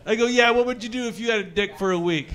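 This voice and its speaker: A young man performing a crude, animated stand-up set at a brewery show, acting out panicked voices in his stories. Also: sits high, quick pace. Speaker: stand-up comedian.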